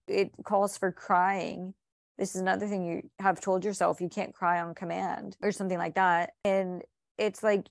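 A woman's voice: lowish voice, gravelly, dry recording, clean studio sound. Earnest rambling woman in hypnosis session. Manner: rambling, with many fillers and restarts; earnest and encouraging. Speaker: hypnosis client.

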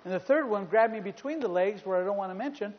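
A male pastor preaching a sermon in a church, telling stories in an animated way and repeating phrases for emphasis. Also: high-pitched, quick pace. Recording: reverberant hall, dull sound.

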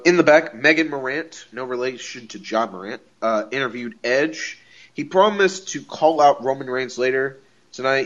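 A man hosting a podcast, recapping a wrestling show in a casual, excitable way, laughing often and repeating himself. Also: medium pitch, dull audio. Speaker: podcast host.

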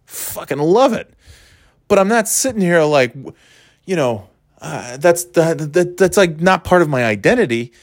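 A man's voice: fairly high pitch, animated, a little slow, dry recording, studio quality. A man from the US East Coast talking casually to camera, rambling and sardonic, with many restarts and fillers. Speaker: vlogger.

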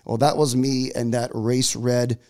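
A man's voice: mid-range voice, level tone, measured pace, warm tone. A man in his forties, a pastor telling a story in a sermon, chatty and full of restarts. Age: 40s.

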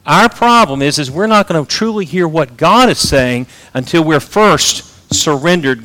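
A man preaching a sermon, rising to loud emphatic peaks and dropping to soft, low asides. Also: lively intonation, moderate pace.

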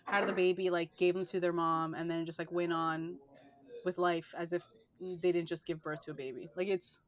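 A woman's voice: lowish voice, little pitch movement, moderate pace, slight background noise. A young woman co-hosting a podcast, talking in a rambling way with many filler words. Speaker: podcast co-host. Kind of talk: casual chat.

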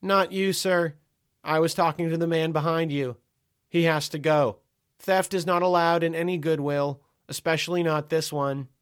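A man voicing an unflappable female store clerk who speaks calmly, formally and deadpan. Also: fairly high pitch, normal speed, clear, resonant tone, close to an everyday voice. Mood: deadpan stern.

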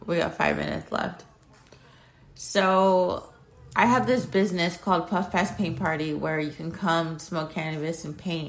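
A woman's voice: low voice, creaky. A young woman vlogging at home, talking in a blunt, ranting way and swearing freely. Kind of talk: casual chat.

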